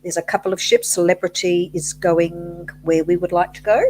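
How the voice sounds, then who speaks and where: A woman's voice: lowish voice, level tone, moderate pace, darkish tone, slight background noise. An Australian woman co-hosting a casual livestream chat, musing aloud and correcting herself as she talks. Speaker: co-host of a cruise chat livestream.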